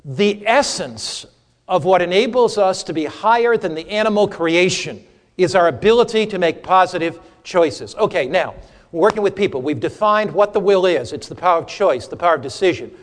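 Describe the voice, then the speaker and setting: A man teaching an interactive sermon to a church audience, humorous and animated, quizzing listeners for Bible verses. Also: sits high, normal speed, big-room sound. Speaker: preacher teaching a seminar. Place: church or hall before a live audience.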